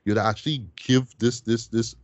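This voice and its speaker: A man's voice: mid-range voice, steady tone, normal speed, dry recording. A man co-hosting a podcast film review in casual chat, ending many phrases with "right?" and often restarting words.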